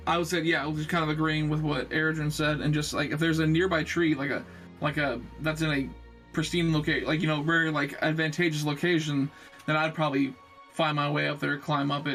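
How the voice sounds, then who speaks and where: A man takes his turn in an online tabletop game, his voice sitting a little high. He hesitates and restarts, padding every thought with fillers. Faint music runs behind the call. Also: a bit bright. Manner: hesitant, full of likes and restarts. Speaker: player. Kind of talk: casual chat during a tabletop game.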